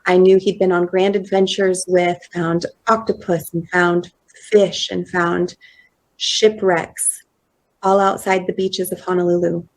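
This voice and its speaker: Woman, thirties, conference storytelling talk, measured pace, steady flat delivery, lowish voice. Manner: slow, measured retelling with quoted dialogue. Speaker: conference speaker. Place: conference hall.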